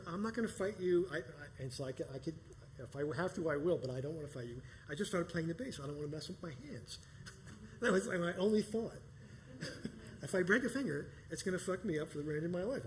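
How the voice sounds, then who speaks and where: Guy spinning a wild story on stage, kinda high voice, swears a lot, laughs a bunch, faint room hum behind. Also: fast talker, poor audio. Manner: animated, profane, laughing often. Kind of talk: live personal storytelling. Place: performance space stage.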